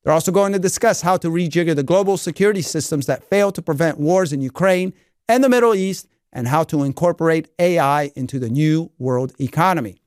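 A man's voice: on the high side, fairly quick, a little mellow, no room sound, studio quality. A man hosting a political podcast, reading a sarcastic monologue and then chatting emphatically with a guest. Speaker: podcast host. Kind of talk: scripted monologue then casual chat.

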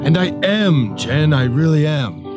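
A man's voice: on the high side, animated, a little slow, music in the background. An actor playing a young man breaking up with his girlfriend in earnest soap-opera style, with broken grammar, in a comedy sketch clip.

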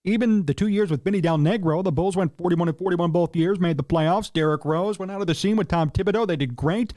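A man's voice: high voice, fairly quick, a little mellow, no echo, studio quality. A man hosting a solo sports talk show, ranting in an opinionated, exasperated way and asking rhetorical questions. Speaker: sports radio host.

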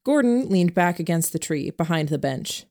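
A woman reading a novel aloud as narrator in a steady first-person storytelling voice. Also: lowish voice, moderate pace, no echo, clean studio sound. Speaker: audiobook narrator. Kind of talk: scripted narration.

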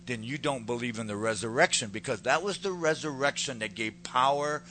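A man's voice: mid-range voice, sharp tone, a little hiss or hum. A man preaching a sermon with fervent emphasis, repeating words to stress his points.

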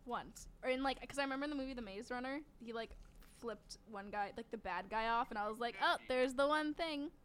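A woman's voice: on the high side, a little fast, fairly bright tone, a little hiss or hum. A young woman co-hosting a casual college podcast, chatty and giggly, often trailing off mid-sentence. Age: young adult. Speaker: podcast co-host.

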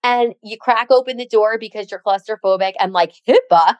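A woman's voice: on the high side, fairly even intonation, a little fast, dry recording, muffled recording. A woman co-hosting a podcast, telling a story in a sarcastic, emphatic way, full of "like" and "you know". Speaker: podcast co-host. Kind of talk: casual chat.

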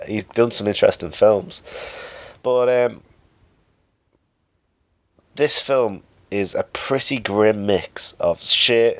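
A man's voice: on the low side, no room sound. A man reviewing a film in a casual, hesitant way, with frequent ums and uhs. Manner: hesitant, many fillers.

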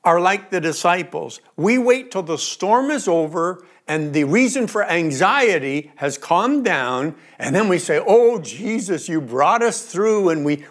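A middle-aged male pastor preaching a sermon, acting out the cries of the people in his story. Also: high voice. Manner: animated, acts out the disciples' cries.

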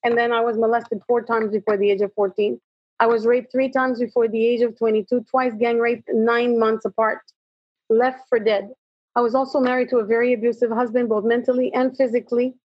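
Speaking fairly quickly with a breathy edge, this middle-aged woman has a fairly high voice and no echo around her. She's a motivational speaker recounting her own story as an interview guest, animated and performing the dialogue, captured in dull, lo-fi audio.

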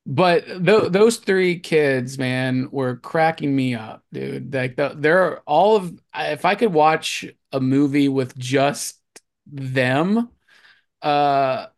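A man co-hosting a casual movie podcast, excitable and gushing, often breaking into laughter. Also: fairly high pitch, slow. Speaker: podcast co-host. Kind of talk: casual movie-review chat.

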